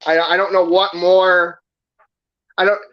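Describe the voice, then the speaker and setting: A man's voice: sits high, flat delivery, unhurried. Profane, sarcastic man from New York. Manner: defensive, profane, sarcastic rant. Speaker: stream guest. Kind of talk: heated casual chat. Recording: dull lo-fi stream audio.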